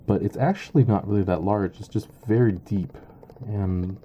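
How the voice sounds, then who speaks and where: A man giving a casual product review, halting and full of ums and uhs. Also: on the low side, dull audio, slight background noise. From Canada. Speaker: knife reviewer.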